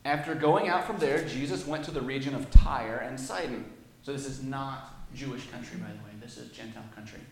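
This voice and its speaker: A man preaching a sermon, reading scripture aloud and then explaining it in a conversational way. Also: medium pitch. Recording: very echoey room.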